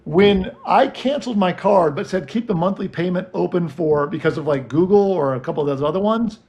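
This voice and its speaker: Male co-host, high gravelly voice, animated storyteller. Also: a little fast. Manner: animated, acts out both sides of phone calls. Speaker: podcast co-host. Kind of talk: casual storytelling chat.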